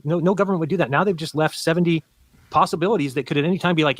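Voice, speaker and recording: A man who used to be a flat earther arguing in a debate, explaining insistently and acting out what other people say. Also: fairly high pitch, no echo. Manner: rapid, insistent explaining with quoted voices. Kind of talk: debate argument played from a recorded stream.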